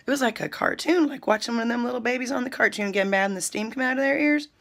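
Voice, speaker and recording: A woman, chatting to her viewers in an animated, storytelling way while sipping coffee. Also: fairly high pitch, fast talker, vocal fry, hardly any pauses. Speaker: spiritual vlogger. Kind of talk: casual spiritual talk to viewers.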